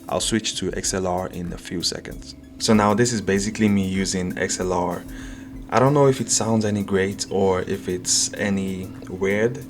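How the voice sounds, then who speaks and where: A man casually reviewing a budget microphone, chatty and self-deprecating, talking straight to his viewers from an indoor home setup. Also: deep voice. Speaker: tech reviewer. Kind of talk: casual product review vlog. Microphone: USB condenser mic at close range.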